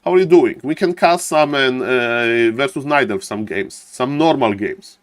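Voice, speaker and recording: A man's voice: mid-range voice, unhurried, no room sound. Non-native male esports caster, showman patter with chat asides; dry, close sound. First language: not English. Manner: showman-like, keeps repeating "ladies and gentlemen"; chatty, greets viewers and jokes with chat. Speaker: streamer and game caster. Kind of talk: live esports commentary.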